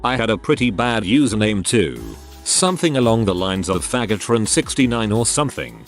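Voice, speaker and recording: A man's voice: lowish voice, lively intonation, moderate pace. A man narrating a string of short first-person stories in a scripted reading style with wry asides. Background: faint background music.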